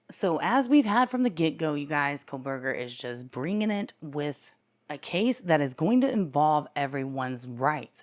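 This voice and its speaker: A low-pitched woman talking through a criminal case in a casual, chatty way. She jokes at her own expense and often jumps up into loud, excited exclaims before dropping back to an offhand tone. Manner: chatty and irreverent, laughs at herself, swings into loud exclaims. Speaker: true crime commentator. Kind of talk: casual legal commentary to camera.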